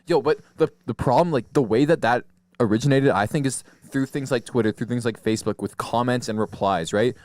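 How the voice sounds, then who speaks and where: A young man rambles through casual podcast chat, laughing often and slipping into quoted voices. His pitch sits at an ordinary middle, recorded dry and close with no room sound. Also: a little fast, a little mellow, no echo. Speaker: podcast co-host.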